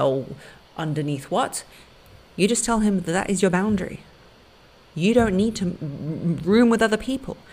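A woman hosting a podcast, giving blunt, emphatic relationship advice straight to her listeners. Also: on the low side. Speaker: podcast host and dating coach.

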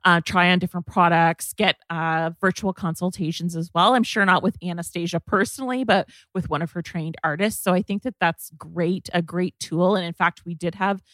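Woman, podcast host, chatty and casual, slightly low voice, dry close recording. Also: fairly even intonation, moderate pace, hardly any pauses, fairly bright tone, no room sound. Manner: chatty, filler-heavy product talk.

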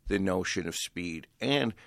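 A man in casual podcast chat who talks in a grumpy way, with halting restarts. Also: sits low, animated, creaky, a bit bright, no room sound, clean studio sound.

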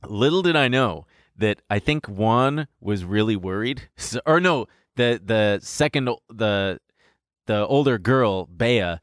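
A young man chats through a long personal tale, rambling and swearing with bursts of laughter. His voice sits on the low side. The sound is dry and close, with no room echo. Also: expressive, takes it slowly, fairly bright tone. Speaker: podcast co-host. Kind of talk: casual storytelling chat.

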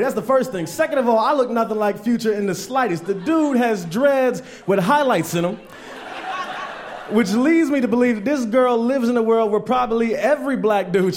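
A man performing a stand-up comedy set on stage, telling stories and mimicking people in animated voices. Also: high voice, a little hiss or hum.

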